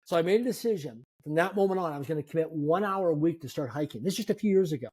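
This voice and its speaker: A man in his fifties, a guest telling animated, self-deprecating stories in a conversation. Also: on the high side, rapid-fire, husky. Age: 50s. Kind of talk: storytelling in a conversation.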